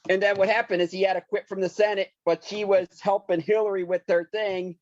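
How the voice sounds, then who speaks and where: A man's voice: high-pitched, little pitch movement, a little fast, a little mellow, dry recording. A man co-hosting a podcast, quizzing the others and telling stories in casual chat. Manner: quizzing others, storytelling with restarts. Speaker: podcast co-host. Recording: dull dry lo-fi recording.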